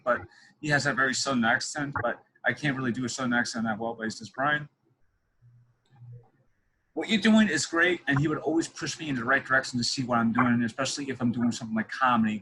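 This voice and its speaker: Bright-voiced young male podcast host. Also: mid-range voice, slight background noise, poor audio. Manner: rambling, many restarts and fillers. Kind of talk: casual interview chat.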